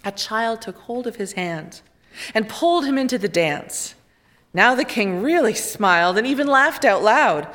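A woman narrates a children's fairy tale aloud, with expressive, lively storybook delivery. Her voice sits in a mid range. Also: on the high side, measured pace. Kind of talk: reading a children's picture book aloud.

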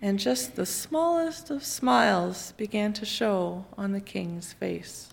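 A woman narrates a children's fairy tale aloud, with expressive, lively storybook delivery. Her voice sits in a mid range. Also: mid-range voice, takes it slowly, vocal fry. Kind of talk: reading a children's picture book aloud.

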